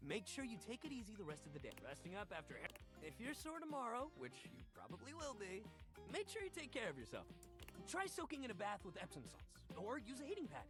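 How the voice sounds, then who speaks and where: Upbeat dumbbell fitness coach, game character, slangy pep talk, pitch leaping all over. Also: male voice, wildly swooping pitch, quick pace, over music. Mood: encouraging. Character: cheerful confident male dumbbell fitness coach. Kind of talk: video game voice acting.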